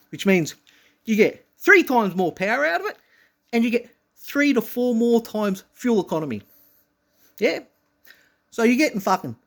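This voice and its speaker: Addressing the camera directly, a male vlogger rambles on with nonstop profanity and plenty of intensity. His sentences often start over, and his volume lurches between quiet muttering and loud bursts.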